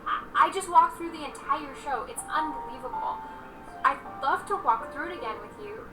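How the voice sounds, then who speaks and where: Woman playing an eager stammering neighbor, high voice, a bit distant, music clearly behind. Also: moderate pace, close to an everyday voice. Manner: gushing, stammering.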